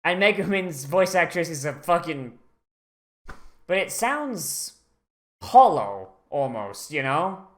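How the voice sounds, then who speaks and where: A streamer rambles through a casual anime watch-along, full of fillers and swearing. The voice sits at a middling pitch and is excitable. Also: slow pace, long pauses.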